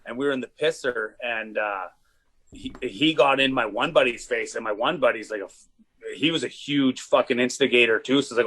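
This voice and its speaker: A man's voice: mid-range voice, fairly quick, a bit bright. A man telling rowdy stories in casual podcast chat, swearing often and laughing mid-story. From Saskatchewan, Canada. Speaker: podcast guest, comedian.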